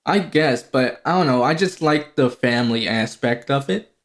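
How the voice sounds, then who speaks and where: A man's voice: medium pitch, animated, normal speed, fairly bright tone. A young man co-hosting a podcast, chatting casually, teasing and asking questions. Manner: teasing, asks lots of questions. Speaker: podcast co-host. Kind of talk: casual chat.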